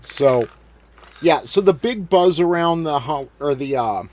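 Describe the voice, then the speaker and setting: A man's voice: fairly high pitch, animated, measured pace, darkish tone, slight background noise. A man hosting a podcast, recapping old wrestling broadcasts in a casual, rambling way. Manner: rambling, recaps and quotes with filler words. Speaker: podcast host.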